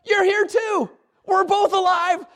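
Overjoyed grown man shouting with wonder, very high voice, as a preacher acts him out. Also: steady tone, takes it slowly, full character voice. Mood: amazed. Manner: shouting in amazement. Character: overjoyed grateful adult man waking to life.

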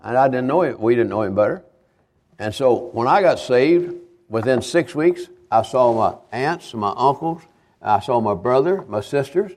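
An older man with a drawl preaching to a congregation. He talks in a halting, homespun way, stumbling and repeating words as he spins personal stories and small jokes. His voice sits at an ordinary middle pitch for a man. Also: expressive, darkish tone. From Kentucky, USA. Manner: halting, repetitive, homespun storytelling. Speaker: visiting evangelist. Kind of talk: folksy sermon testimony.

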